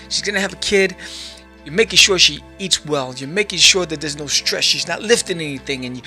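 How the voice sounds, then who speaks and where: A man hosting a podcast, giving an animated motivational talk straight to the listener and acting out little scenes. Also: on the high side. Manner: animated, addresses listener directly, acts out scenes. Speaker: podcast host. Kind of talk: motivational monologue.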